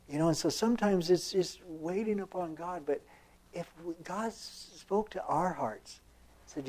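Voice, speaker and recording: A man's voice: fairly high pitch, moderate pace, warm tone. A man preaching a sermon in a reflective, conversational way, full of fillers and restarts as he reads and comments on scripture.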